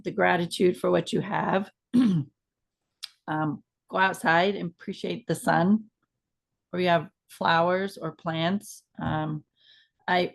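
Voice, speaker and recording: A middle-aged woman co-hosting a casual chat, talking in a relaxed, rambling way with many fillers. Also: fairly low pitch, gravelly. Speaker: co-host.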